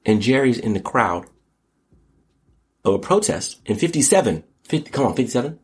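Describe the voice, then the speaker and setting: A man hosting a casual comedic news podcast, slangy and animated, often jumping into high mocking voices. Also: normal speed. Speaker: podcast host.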